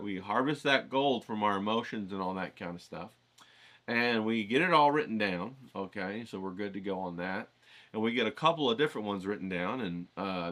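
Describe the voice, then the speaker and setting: A man's voice: on the low side, sharp tone. A man hosting a writing challenge, talking casually and rambling, swearing now and then and checking in with "okay?". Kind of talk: casual teaching vlog. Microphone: filtered through a voice isolator.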